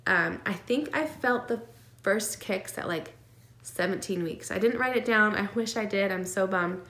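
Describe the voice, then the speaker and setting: Woman vlogger telling a scary personal story, earnest and emotional, lots of ums and little laughs, mid pitch, echoey room. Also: moderate pace, fairly bright tone. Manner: emotional, earnest, many fillers and nervous laughs. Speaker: vlogger sharing her twin pregnancy.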